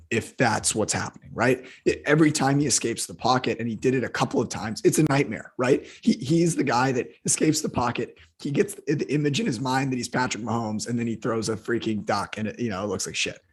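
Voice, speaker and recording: A hoarse man co-hosting a football podcast, ranting in heated, profane casual chat. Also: on the low side. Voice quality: husky. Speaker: football analyst co-host.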